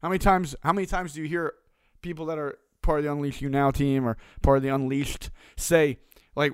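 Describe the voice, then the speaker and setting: A man's voice: fairly high pitch, little pitch movement, fairly quick, clear, resonant tone, no echo. A man giving a casual motivational talk as a business coach, blunt and profane, hammering points home through repetition.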